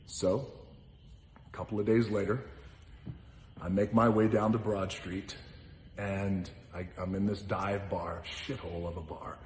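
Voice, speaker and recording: A man's voice: low voice, flat delivery, unhurried, long pauses, slight background noise. A man casually telling an anecdote as a guest, acting out other people's lines and swearing freely. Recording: roomy hall with long reverb.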